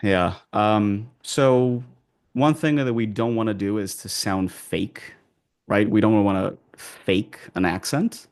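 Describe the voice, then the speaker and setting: A man with an American accent speaks in a very low voice with a gravelly edge. As an accent coach being interviewed, he explains his points casually, with plenty of fillers and false starts. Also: slow, a little mellow. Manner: loose and conversational, many fillers and restarts.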